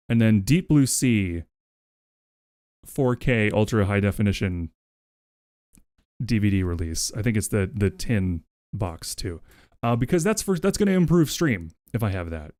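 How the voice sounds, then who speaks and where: A man's voice: fairly low pitch, a little mellow, no echo, studio quality. A man live streaming who chats casually with his viewers, rambling, swearing freely and thanking them over and over. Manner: rambling, profane and effusively thankful.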